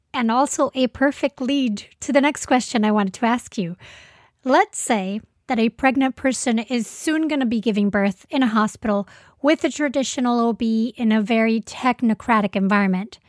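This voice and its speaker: A woman's voice: on the high side, normal speed, no room sound, clean studio sound. A woman podcast host who asks questions in a conversational, friendly way. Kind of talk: interview questions.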